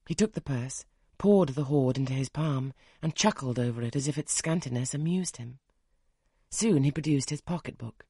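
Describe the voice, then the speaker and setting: A husky male narrator reads a classic novel in an even, measured way. His voice sits in the middle range. The recording is dry and close. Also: mid-range voice, no room sound. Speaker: audiobook narrator. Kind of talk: scripted narration.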